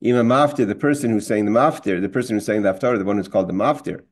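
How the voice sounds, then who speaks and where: A man's voice: lowish voice, racing, darkish tone. A man teaching a Torah class who reads Hebrew lines from a text and explains each in plain English, with frequent restarts.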